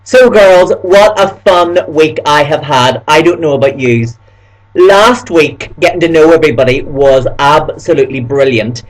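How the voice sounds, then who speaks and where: A man's voice: on the high side, normal speed, low-quality recording. A man from Belfast with a Northern Irish accent, chatting camply and gushingly in a casual vlog. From Northern Ireland. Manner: camp, gushing, storytelling. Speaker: vlogger presenting as a camp persona.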